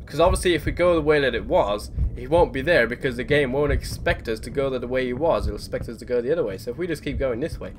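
Jumpy young man swearing through a horror game. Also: medium pitch. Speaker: gamer playing a horror game. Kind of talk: let's play commentary. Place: bedroom at home. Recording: clear background game noise.

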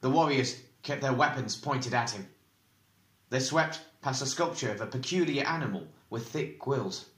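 A man narrating a fantasy audiobook chapter in a measured, even reading. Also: mid-range voice, roomy sound.

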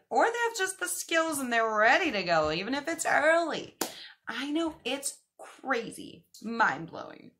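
A woman's voice: medium pitch, fairly bright tone. Upbeat woman speech therapist. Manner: upbeat, chatty, encouraging; slow, stretched demonstration of words. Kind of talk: parent-directed teaching video.

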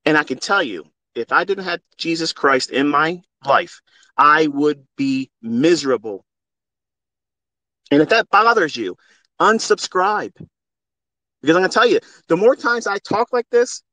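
Pushed and bright, this man's voice runs on the high side, with no echo around it. As a middle-aged trading mentor hosting a live audio space, he speaks into a phone in an unscripted, heartfelt monologue. He's passionate and preachy, and he swears bluntly.

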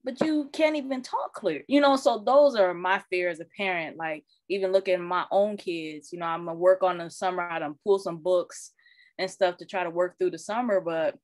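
A woman who is a parent and social worker, talking candidly and colloquially in casual chat, animated when she retells what others said. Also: fairly low pitch, moderate pace, no echo. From Arizona. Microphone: video call.

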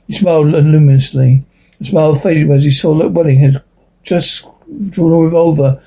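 A man reading a science fiction short story aloud as narrator in a steady storytelling manner. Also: on the high side, normal speed, slightly rough.

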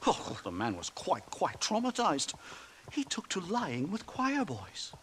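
A man's voice: high-pitched, wildly swooping pitch, a little slow, a bit bright, a little hiss or hum, exaggerated voice. An actor playing a pompous, lecturing male professor in video game dialogue. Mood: lecturing, condescending.

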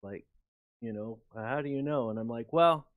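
Man, mid-pitch, casual rambling storyteller, dry close mic. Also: normal speed, no echo, narrow, tinny audio. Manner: rambling, animated anecdote with many fillers. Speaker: guest author and researcher.

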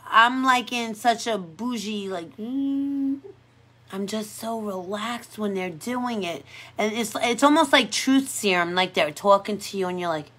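A woman's voice: mid-range voice, a little slow, a bit bright, husky. A woman who works as a pedicure technician, chatting casually on a livestream in a sassy, playful way and laughing often.

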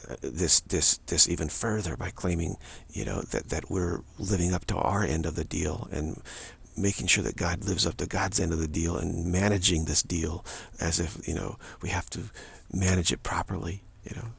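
A man's voice: low voice, normal speed, gravelly, few pauses, a little hiss or hum. A man giving a spiritual teaching monologue, repeating himself often and acting out little dialogues. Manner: repetitive, many restarts and "you know", acts out dialogues.

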